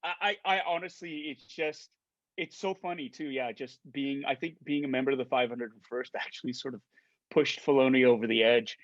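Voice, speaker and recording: A man in his forties, an actor, telling an anecdote in excitable, casual talk with many restarts, heard through a dull lo-fi stream. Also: medium pitch, moderate pace, no echo. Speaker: actor guest on a panel.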